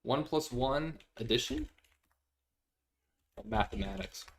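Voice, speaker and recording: A man's voice: on the high side, sing-song, slow, creaky, slight background noise. A young man streaming live, chatting casually with viewers, reading their messages aloud and laughing often.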